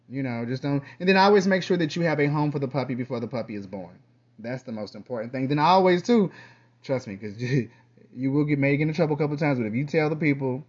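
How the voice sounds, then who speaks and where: A man hosting his own podcast in a casual, rambling monologue, with lively bursts and quiet trailing asides. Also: medium pitch, highs cut off. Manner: chatty, loose, drifts between topics. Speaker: podcast host.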